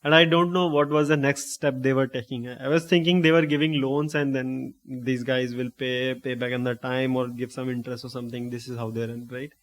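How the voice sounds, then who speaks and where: Young Indian-accented man, casual storytelling monologue, middle pitch, loose and rambling with lots of "right?". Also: little pitch movement, fairly quick, few pauses. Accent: Indian English. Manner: rambling, with frequent "right?" and self-corrections. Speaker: host.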